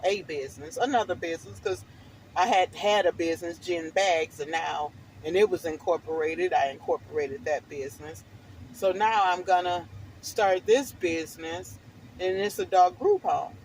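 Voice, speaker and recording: A woman's voice: lowish voice, darkish tone, slight background noise, rough recording. A middle-aged woman vlogger telling a personal testimony in a fervent, preachy, emphatic way.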